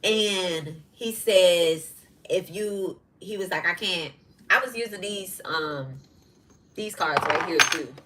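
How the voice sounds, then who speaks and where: A woman's voice: fairly low pitch, takes it slowly, fairly bright tone, rough recording. A middle-aged woman hosting a podcast, telling a personal story in a frank, profane, casual way and breaking off to address viewers. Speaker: podcast host.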